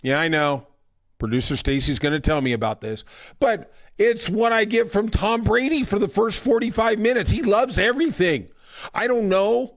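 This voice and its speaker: A high-pitched man hosts a podcast at a moderate pace, delivering a sarcastic, ranting opinion monologue in a casual style and peppering it with mocking impressions.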